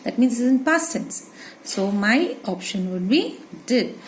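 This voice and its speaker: A woman's voice: a little high, very animated, a little slow, a little hiss or hum, poor audio. A woman teacher with an Indian English accent, giving a grammar lesson to children and dictating the example sentences word by word.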